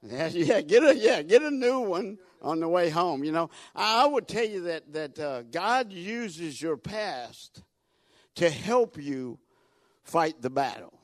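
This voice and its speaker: His voice is a little high and sing-song, and he takes his time, with no echo in the audio. He's a guest preacher telling folksy stories in a sermon, repeating words and rising to loud, emphatic climaxes.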